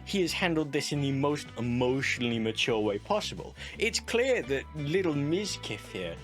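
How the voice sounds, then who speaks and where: Sarcastic British man, lively pitch. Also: moderate pace, faint music behind. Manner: sarcastic, wanders off on tangents. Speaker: commentary host. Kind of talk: reaction commentary.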